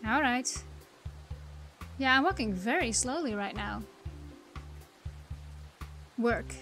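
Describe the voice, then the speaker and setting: A woman's voice: a little high, expressive, slow, long pauses, bright, forceful tone. A young woman giving chatty, wry commentary while playing a story game. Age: young adult. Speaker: game streamer. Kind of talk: let's-play commentary. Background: faint game music.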